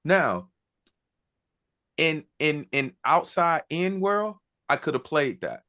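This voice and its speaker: A man's voice: a little high, big pitch swings, measured pace, sharp tone. A middle-aged man and military veteran telling a personal story in a casual, reflective way, quoting the people involved. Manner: casual, reflective, quotes others in conversation.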